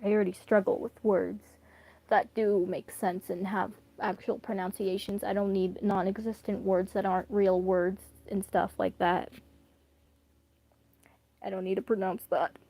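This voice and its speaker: A woman's voice: medium pitch, little pitch movement, unhurried, warm tone. A young woman chatting casually and rambling while reading a story aloud on stream. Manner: rambling, self-deprecating, bursts of laughter.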